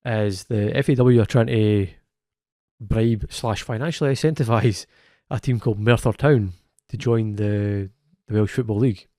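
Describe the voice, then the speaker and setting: A football podcast co-host chats casually, often restarting his sentences and letting out quick laughs as he corrects himself. His voice is fairly low-pitched and warm, and the recording is clean studio sound with no room sound.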